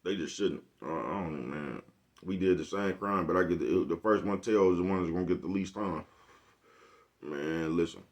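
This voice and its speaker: A man's voice: deep voice, normal speed. A man talking in a laid-back monologue, full of profane slang and repeated check-ins with the listener. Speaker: vlogger. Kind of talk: casual monologue.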